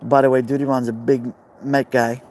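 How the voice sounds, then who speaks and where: A man's voice: mid-range voice, level tone, moderate pace, a little mellow, slight background noise. A man with a Brooklyn accent, live streaming outdoors by a fire pit, rambling casually and answering viewer comments. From New York.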